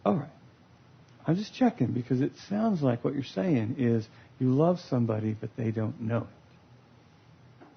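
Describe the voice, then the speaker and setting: A man's voice: mid-range voice, lively intonation, a little slow, creaky, pauses often, breathy edge. A man giving a humorous teaching talk about love languages, playful and laughing as he acts out scenes. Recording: lo-fi recording.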